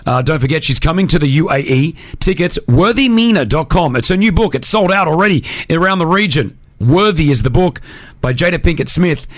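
A man hosting a radio show, energetic and teasing as he runs a game with a guest. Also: a little high, brisk, dry recording, clean studio sound. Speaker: radio host. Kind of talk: radio show chat and interview.

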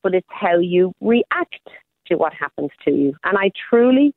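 A woman's voice: fairly low pitch, sing-song, a little slow, no room sound. A woman life coach talking casually on the radio, upbeat and motivational. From Australia. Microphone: phone call. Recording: phone line.

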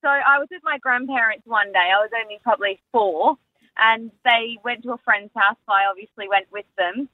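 Aussie woman calling radio, tinny phone, slightly high voice, um-ing a lot. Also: a little fast, dry recording. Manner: hesitant, lots of ums. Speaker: radio caller. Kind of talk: telling a childhood anecdote on the phone. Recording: phone line.

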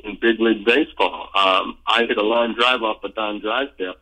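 Older guy spinning old ballgame stories, lots of um and you know, sharp bright voice. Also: on the low side, normal speed, rough recording. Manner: rambling, lively storyteller with many fillers and restarts. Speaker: former pro baseball player, interview guest. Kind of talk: relaxed anecdotal storytelling.

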